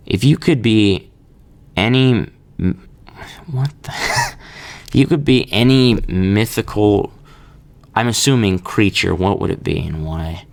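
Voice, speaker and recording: A man's voice: on the low side, slow pace, gravelly, pauses often. A young man hosting a casual solo podcast, rambling and joking with laughs between his thoughts. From Kansas. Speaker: podcast host.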